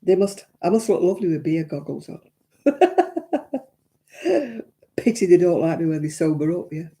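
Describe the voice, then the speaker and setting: A woman's voice: lowish voice, very animated, measured pace, mellow. A woman hosting a casual craft live stream, telling stories in a chatty, self-mocking way and laughing between them.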